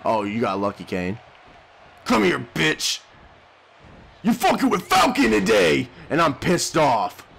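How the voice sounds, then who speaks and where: A man with a gravelly, creaky voice that swings wildly up and down as he trash-talks through a let's play. He speaks slowly and brashly, with profane taunts and mock-sweet asides. Faint game music plays underneath. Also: on the high side, wildly swooping pitch, a bit bright. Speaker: gaming YouTuber.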